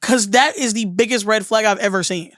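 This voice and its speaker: A woman's voice: medium pitch, a little fast, dry recording, clean studio sound. A woman guest co-hosting a podcast, chatting casually, laughing and swearing through rambling opinions. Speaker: guest co-host.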